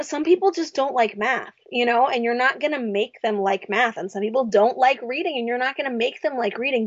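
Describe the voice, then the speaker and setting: A young adult woman speaking as a podcast guest in casual, reflective talk, animated and acting out quoted voices. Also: a little high, breathy edge, no room sound. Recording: dry, slightly dull sound.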